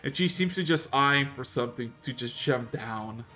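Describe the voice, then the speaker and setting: A man guides his players through a tabletop scene, pausing and restarting as he searches for words. His voice sits at a middle pitch. Quiet music plays underneath. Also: lively intonation. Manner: halting, restarts sentences while describing scenes. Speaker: game master. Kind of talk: narrating a tabletop game. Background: faint music.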